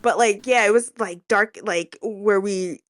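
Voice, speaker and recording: A woman's voice: mid-range voice, measured pace. A woman with a stuffy, nasal voice from a cold, chatting animatedly and gushing as co-host of a music reaction video. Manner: animated, gushing, swearing freely. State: stuffy and a little sick. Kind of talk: casual reaction chat.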